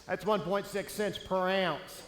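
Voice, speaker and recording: A man voicing a calm, analytical male nerd who talks in a slow, flat, precise way. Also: high-pitched, slight background noise. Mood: deliberating. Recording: echoey hall.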